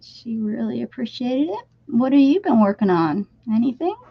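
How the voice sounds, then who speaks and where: A woman's voice: a little high, sing-song, normal speed, gravelly, no room sound. A woman from Pennsylvania hosting a casual art livestream, chatting directly to her viewers while drawing and sometimes dropping into a whisper. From Pennsylvania, USA. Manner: chatty, talks straight to viewers, drifts into whispers. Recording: slightly dull lo-fi stream audio.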